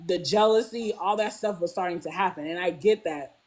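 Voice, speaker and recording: Woman guest, chatty and animated, quoting characters with big swings. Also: brisk. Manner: animated, acts out characters' lines with big pitch jumps; peppers speech with "like". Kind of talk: casual fan discussion.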